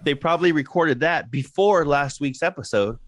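A man's voice: on the high side, normal speed, no echo. A man co-hosting a podcast in casual chat, rambling and swearing freely, laughing often. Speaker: podcast co-host.

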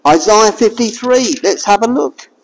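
Lady preacher, slow and deliberate, long echo like a church hall. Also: on the high side, gravelly. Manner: expressive, rhetorical questions to the congregation. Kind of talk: sermon.

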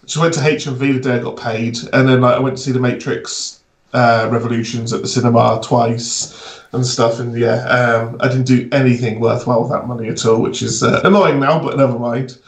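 A man's voice: mid-range voice, fairly even intonation, brisk. Guy, 30s, casual podcast chatter, umming a lot, roomy echo. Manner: hesitant, many fillers. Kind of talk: casual chat. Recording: echoey room.

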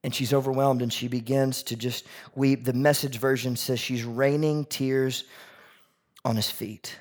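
A man preaching a sermon as pastor, lively and animated, acting out the voices of people in the story he tells. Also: mid-range voice, unhurried.

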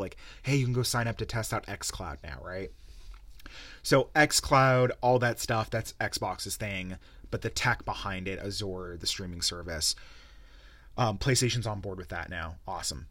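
A man's voice: fairly low pitch, fairly bright tone, no room sound. A man hosting a solo gaming podcast, ranting heatedly and swearing a lot into a close mic. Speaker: podcast host.

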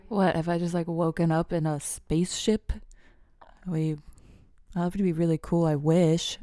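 Giggly low-voiced woman rambling solo. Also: normal speed, mellow, no echo. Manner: rambling and giggly, often dropping to a whisper. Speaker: podcast host. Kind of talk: casual solo podcast monologue. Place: small room, alone. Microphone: podcast microphone.

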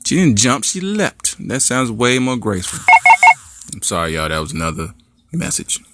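A man hosting a podcast, telling a comic story in a casual, animated way with many asides. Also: medium pitch, normal speed, heavy background noise. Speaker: podcast host.

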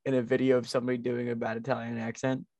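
A man's voice: medium pitch, monotone, rapid-fire, a little mellow, dry recording. A man co-hosting a casual movie podcast, teasing and easygoing, laughing often. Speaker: podcast co-host.

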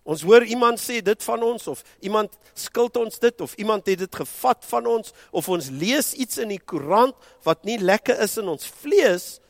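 A South African man preaching a sermon as pastor, impassioned and moving between hushed and loud delivery, switching between English and Afrikaans. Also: sits high, lively intonation, moderate pace, creaky, hardly any pauses, no echo.

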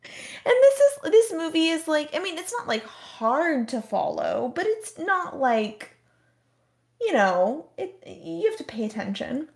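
A woman's voice: sits high, sing-song, measured pace. A young woman guest on a podcast, telling a rambling story that is full of "like.". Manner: rambling, heavy on "like". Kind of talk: casual storytelling.

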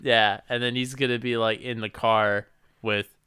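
A man's voice: mid-range voice, level tone, normal speed, bright, forceful tone, clear, resonant tone, no room sound, studio quality. A man co-hosting a podcast, recapping a movie in casual, profane banter, laughing often and searching for words mid-sentence. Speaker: podcast co-host.

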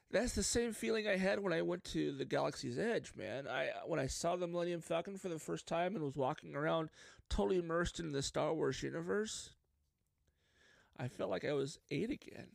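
A man hosting a casual solo podcast, telling stories in an excitable, openly emotional way. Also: fairly high pitch, gravelly, no room sound. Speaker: podcast host.

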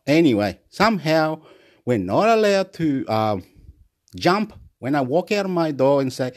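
A man rambling excitedly in a monologue vlog, laughing at himself and jumping between topics. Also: mid-range voice, unhurried. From Australia. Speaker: vlogger.

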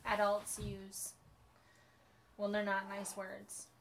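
A mother chatting casually with her family at home during a tabletop game, gently explaining rules to her child. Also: medium pitch, monotone, takes it slowly, slight background noise.

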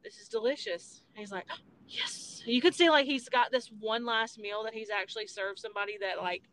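A woman's voice: medium pitch, a little fast, a bit bright. Rambling young woman chatting about a film. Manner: rambling, retells scenes with quoted voices, swears. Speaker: podcast host. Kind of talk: casual movie chat. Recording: faint background noise.

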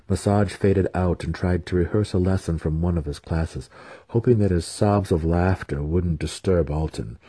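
A man narrating a fantasy novel as an audiobook reader, in a measured, even storytelling manner. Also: low voice, husky, no room sound.

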